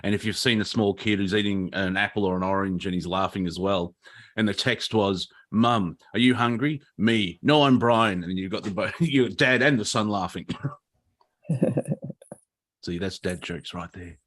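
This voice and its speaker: A lower-voiced man chats over a video call. He rambles, jokes and drifts between half-finished stories. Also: steady tone, a little fast, fairly bright tone. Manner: rambling, joking storyteller. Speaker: comedian co-host. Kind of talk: casual chat on a video call.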